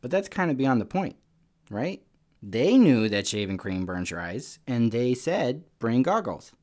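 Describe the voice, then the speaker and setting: A young man teaching a children's Sunday school lesson, telling a story in a casual, lively way. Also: mid-range voice, unhurried. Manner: casual, storytelling to kids, animated.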